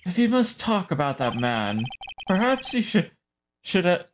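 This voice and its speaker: A woman's voice: fairly low pitch, big pitch swings, unhurried, background noise, voice pushed up. A woman doing a haughty cold female producer. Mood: aloof. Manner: aloof, dismissive. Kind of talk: game dialogue read aloud. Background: game music.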